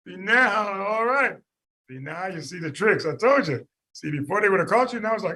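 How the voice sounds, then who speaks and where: Husky, animated male medical lecturer. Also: high-pitched, fairly quick. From United States. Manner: animated, quizzing students by name, jokey. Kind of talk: classroom lecture.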